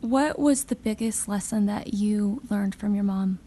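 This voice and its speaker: A woman's voice: medium pitch, unhurried, warm tone, a little hiss or hum. Woman host reading podcast intros. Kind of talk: scripted narration and interview questions.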